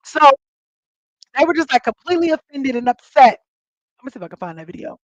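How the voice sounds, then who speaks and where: Woman host, casual chat, animated storyteller who acts out quotes; dry, slightly dull lo-fi mic. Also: fast, no echo. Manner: animated storytelling, acting out quotes with big pitch jumps. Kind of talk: casual chat to a live audience.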